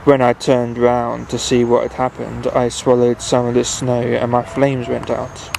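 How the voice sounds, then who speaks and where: A man's voice: mid-range voice, monotone, a little slow, creaky, background noise. A man doing a mournful dragon with a cold, whimpering. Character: sad, lonely male dragon with a cold.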